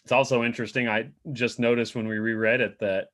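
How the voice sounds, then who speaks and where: A man's voice: mid-range voice, level tone, quick pace, fairly bright tone. A man co-hosting a Bible study show, discussing a passage in a hesitant, casual way with many fillers. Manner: hesitant, trailing off, frequent fillers.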